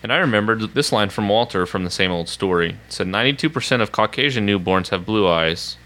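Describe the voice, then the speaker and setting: Playful male podcast co-host, low pitch, bright forceful tone, reads fan mail. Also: expressive, quick pace, low-quality recording. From Oklahoma. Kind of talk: casual podcast chat, reading listener emails.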